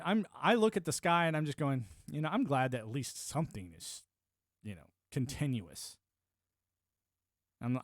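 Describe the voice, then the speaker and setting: A man's voice: mid-range voice, no echo, clean studio sound. A man from the United States streaming a casual, rambling monologue, emphatic and prone to repeating words as he restarts his thoughts.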